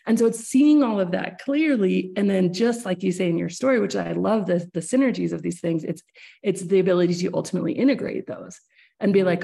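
A woman's voice: fairly low pitch, fairly quick, gravelly, warm tone. A woman hosting a podcast, explaining ideas earnestly at length, with many restarts. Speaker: podcast host. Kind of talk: casual interview chat.

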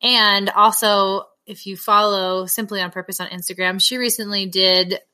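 A woman in her thirties co-hosting a parenting podcast, chatty and quick to laugh, with a lingering cough. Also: mid-range voice, steady tone, pushed and bright. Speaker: podcast co-host. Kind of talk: casual chat.

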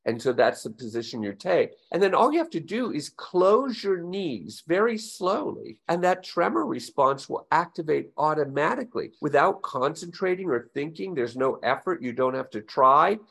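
A man's voice: fairly high pitch, sing-song, normal speed, creaky, hardly any pauses, a bit bright, breathy edge. A man, a trauma expert as guest, patiently explaining step by step in an interview.

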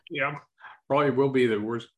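Calm, slow-telling male interview guest. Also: medium pitch. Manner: slow, calm, clears throat often. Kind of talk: storytelling in an interview.

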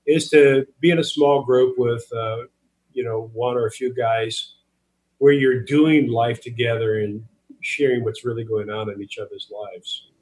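A man's voice: mid-range voice, darkish tone, low-quality recording. A man, a guest author, earnestly telling a story and teaching in a podcast interview, with a preacher's cadence, often repeating words as he starts sentences.

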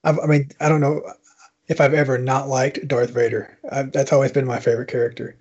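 Relaxed man chatting as guest. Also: mid-range voice, brisk, slightly rough, lo-fi sound. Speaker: podcast guest. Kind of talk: casual chat.

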